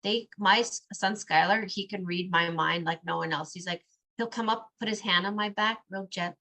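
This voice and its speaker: A mother talking in a casual podcast conversation, lively, acting out bits of quoted dialogue as she goes. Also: medium pitch, moderate pace.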